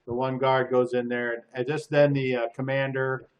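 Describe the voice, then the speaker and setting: A man's voice: medium pitch, little pitch movement, moderate pace, a little hiss or hum. A man narrating a tabletop game from home as game master, loose and rambling.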